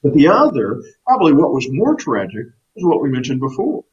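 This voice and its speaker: An earnest male pastor giving a sermon at a middle pitch. He speaks emphatically and often doubles a word as he starts a new phrase. The recording sounds slightly dull. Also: wildly swooping pitch, fairly quick, darkish tone.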